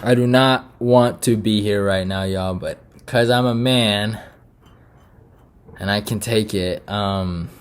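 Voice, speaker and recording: A young man from Eritrea hosting a casual fight recap, frustrated and animated, swearing often and restarting his sentences with lots of fillers. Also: lowish voice. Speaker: MMA prediction channel host.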